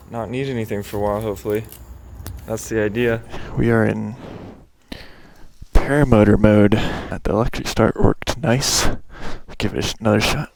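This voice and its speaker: A man narrating a casual vlog as he preps and flies a paramotor outdoors, chatty and easygoing, getting excitable in flight. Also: on the low side, creaky. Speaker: paramotor pilot vlogger. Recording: loud wind and engine noise outdoors.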